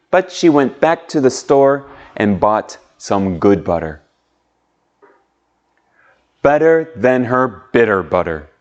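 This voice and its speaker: A man's voice: on the low side, darkish tone. A man teaching an online English pronunciation lesson, patiently drawing out sounds and leading drills. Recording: muffled lo-fi audio.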